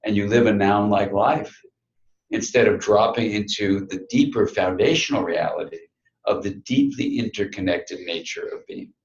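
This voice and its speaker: A middle-aged man giving a reflective talk to an audience, telling a story with quiet, dramatic pauses. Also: fairly low pitch, echoey room, dull audio, slight background noise. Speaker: speaker.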